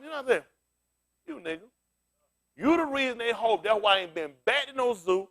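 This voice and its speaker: High animated male preacher with AAVE. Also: fairly quick. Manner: loud, animated street preaching, laughing asides. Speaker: pastor. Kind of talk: loose preaching to a congregation.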